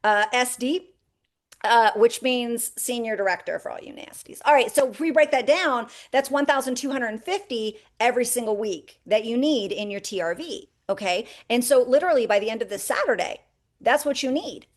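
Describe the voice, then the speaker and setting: A woman with a fairly high voice coaches her sales team over a video call. She talks in a folksy, preachy way, scattering "okay" and "amen" through her pep talk. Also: lively intonation, normal speed. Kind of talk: live video call training.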